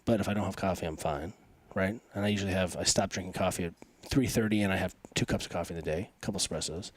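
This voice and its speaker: A man in his forties, stuffy from allergies, talking in an energetic, emphatic and rambling way as a podcast guest. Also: low voice, quick pace, no echo. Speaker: podcast guest, coach and physical therapist. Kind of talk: casual interview talk.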